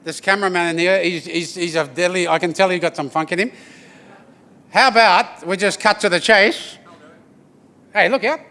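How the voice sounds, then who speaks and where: Man, performer, brightish higher voice, playful crowd banter. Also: moderate pace, pauses often. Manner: lively, joking, addresses the crowd with "yeah?" tags. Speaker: didgeridoo performer. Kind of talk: storytelling performance to an audience. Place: event venue with an audience.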